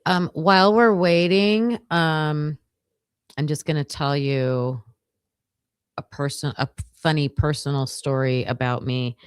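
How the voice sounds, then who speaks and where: A woman hosting a livestream, chatting casually with her viewers and telling stories in an animated way. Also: low voice, unhurried, clean tone, dry recording, studio quality. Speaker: livestream host covering a trial.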